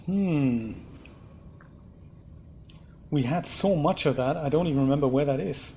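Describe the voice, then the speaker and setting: A man hosting a live game stream, thinking out loud about what to craft and chatting back to his viewers as he plays. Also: a little high, measured pace, pauses often, a little hiss or hum. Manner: chatty, thinks aloud and answers viewer chat. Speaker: let's play host. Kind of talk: casual live gameplay commentary. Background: game music.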